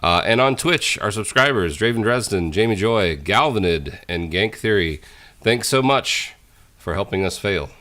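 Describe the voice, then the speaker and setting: A man co-hosting a podcast, reading out supporter shout-outs in an upbeat way. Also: lowish voice, lively intonation, moderate pace. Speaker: podcast co-host. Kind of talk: read shout-outs and casual chat.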